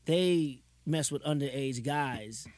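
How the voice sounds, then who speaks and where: A man's voice: mid-range voice, slow, darkish tone, no room sound. A man co-hosting a podcast who talks in an emphatic, opinionated way. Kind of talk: casual podcast chat.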